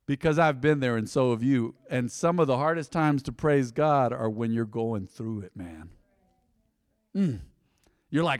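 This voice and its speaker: A middle-aged male pastor giving a conversational sermon, dropping to a near hush and then surging loud. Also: a little high, lively intonation, unhurried, no echo, clean studio sound.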